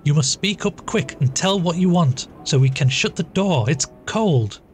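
A man voicing a warm-hearted but stiff country hostess who speaks with hesitation. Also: on the high side, expressive, faint music behind, pitched above the performer's own voice. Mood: hesitant. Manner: hesitant and slow, a little constrained.

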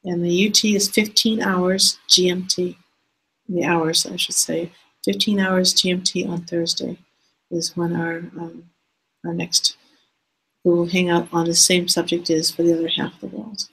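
A woman hosting an online teaching hangout over a video call, speaking in a hesitant, halting way and slowing down to spell out details. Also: on the low side, flat delivery, fairly bright tone, breathy edge, rough recording. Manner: hesitant, halting speech that slows down to spell things out. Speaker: host of an online teaching session.

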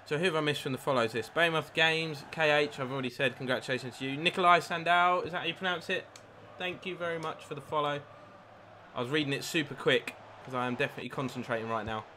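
A man live-streaming a football video game, commentating his own play, reacting loudly to chances and thanking new followers. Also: fairly high pitch, fast, slight background noise. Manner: excitable, swears at the game, reads out followers. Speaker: gaming streamer. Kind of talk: live gameplay commentary with chat.

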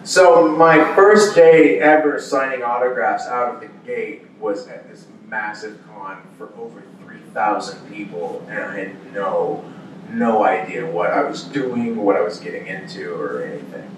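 A man on a convention panel spins animated stories, acting out the exclamations of the people in them. His voice comes from a distance in a big, echoey hall. A faint hum of ambience sits underneath. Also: lowish voice, a little slow. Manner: animated storyteller, acts out quoted exclamations. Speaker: voice actor guest at a convention panel. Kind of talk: casual storytelling Q&A. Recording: echoey hall audio from far off.

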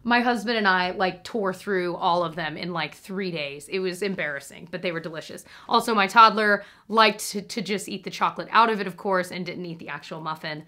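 Bubbly, rambling woman with a bright voice. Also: fairly low pitch, a little fast, hardly any pauses. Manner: bubbly, rambling, self-deprecating asides. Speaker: vlogger. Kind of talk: casual monthly favorites chat.

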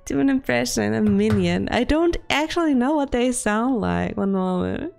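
A woman's voice: on the high side, lively intonation, moderate pace, gravelly, a little mellow. A young woman livestreaming from her room at home, chatting casually, giggling often, swearing and teasing herself. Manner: giggly, swearing, playful and self-mocking. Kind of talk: casual live-stream chat. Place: home room with the window open.

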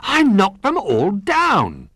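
A man putting on a small, eager toy bear boy with a high, bouncing voice that swoops up on every question. He sounds huskier than a child, and the storybook telling is dry and close. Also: unhurried, breathy edge, no echo, exaggerated voice. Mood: triumphant. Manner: excited, apologetic, questioning.

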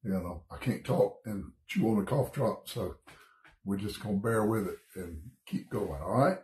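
A man's voice: lowish voice, expressive, moderate pace, a little mellow, reverberant. A man leading a casual morning Bible study as pastor, chatty and folksy, a little sick with a cough, reading scripture aloud. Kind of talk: informal Bible study teaching. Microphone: streaming setup, morning online study.

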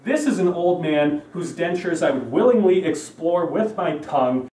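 A man's voice: a little high, animated, moderate pace, mellow, reverberant, recorded from a distance, faint music behind. A young man delivering a profane, rambling comedy rant, repeating himself to hammer points. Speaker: comedy vlogger.

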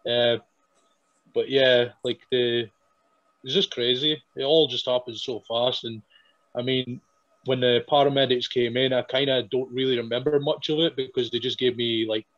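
Brief: young wrestler from Scotland, hesitant storyteller, dull lo-fi sound. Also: male voice, medium pitch, fairly even intonation, a bit bright, no echo. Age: young adult. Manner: halting, many fillers and restarts, laughs while telling. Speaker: wrestler guest. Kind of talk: casual interview storytelling.

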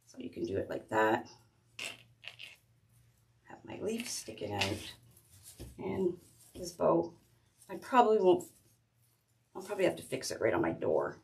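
A woman's voice: fairly low pitch, wildly swooping pitch, a little slow, gravelly, long pauses, a little mellow, slight background noise. A middle-aged woman hosting a casual craft tutorial, chatting and restarting her sentences as she works with her hands. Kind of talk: casual step-by-step craft demonstration.

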